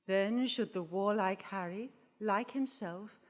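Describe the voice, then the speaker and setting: A woman with a received pronunciation accent, reciting Shakespeare as a volunteer from the audience in a measured way. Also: mid-range voice.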